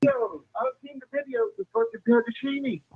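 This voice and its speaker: A man's voice: very high voice, a little fast, creaky, slightly rough. A man on a recorded phone call who taunts and mocks the other person and swears often. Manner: taunting, mocking, profane. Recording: tinny phone line.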